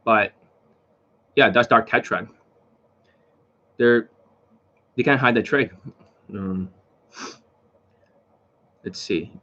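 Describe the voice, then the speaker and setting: A man's voice: fairly low pitch, extremely slow, pauses often, a bit bright. A man lecturing casually as a dating coach, rambling and profane, in a dull lo-fi recording. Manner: rambling, profane, lots of fillers.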